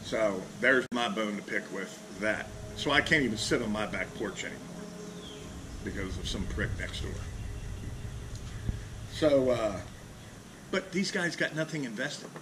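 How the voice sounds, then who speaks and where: A fishing charter captain with a fairly low, expressive voice rants bluntly and profanely in a casual vlog, speaking at a measured pace with frequent pauses. He sits outdoors under a carport, captured by a camera mounted on the back of a boat, and the outdoor audio carries clear ambient noise.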